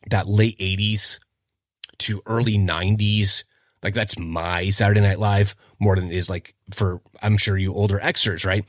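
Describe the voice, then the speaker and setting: A man's voice: deep voice, a bit bright, dry recording, studio quality. A man in his forties hosting a casual solo podcast, chatty and rambling, often trailing off while he searches for names. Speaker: podcast host.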